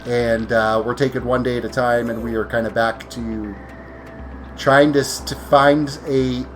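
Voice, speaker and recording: A man's voice: mid-range voice, steady tone, a little slow, soft background music. A tired man streaming a video game live, chatting casually with viewers, rambling and correcting himself as he plays. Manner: rambling, self-correcting, talks while playing. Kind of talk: casual gameplay commentary.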